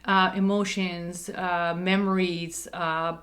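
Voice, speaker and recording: A woman's voice: lowish voice, level tone, takes it slowly, a bit bright. A middle-aged woman talking candidly and emphatically to camera, full of "like" and "okay.". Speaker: dental practice staff speaking on camera. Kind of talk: casual personal talk to camera.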